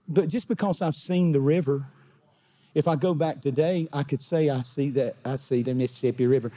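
A middle-aged man, preaching a sermon in a church sanctuary and often building to shouts. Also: fairly high pitch. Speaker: pastor.

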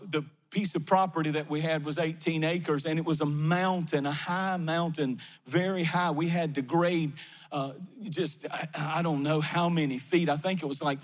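A male pastor preaching a fervent sermon with chanted, repeated refrains in a large empty sanctuary. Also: a little high. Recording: long reverb of a big hall.

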